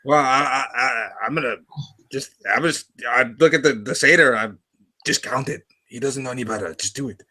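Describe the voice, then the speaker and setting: A man playing in a tabletop game, talking quietly and haltingly, trailing off. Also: medium pitch. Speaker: player. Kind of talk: casual tabletop play.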